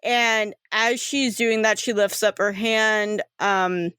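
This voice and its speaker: A woman's voice: mid-range voice, steady tone, slow, a bit bright, clear, resonant tone, no echo, studio quality. A woman narrating a tabletop game as game master, casual and rambling with lots of fillers. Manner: casual, rambling with many fillers and frequent laughs.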